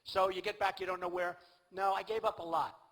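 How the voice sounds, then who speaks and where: A man's voice: sits high, fairly even intonation, a little fast, fairly bright tone, poor audio. A man, giving a boastful, rambling and repetitive rally speech. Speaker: political candidate at a rally. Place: large outdoor rally venue.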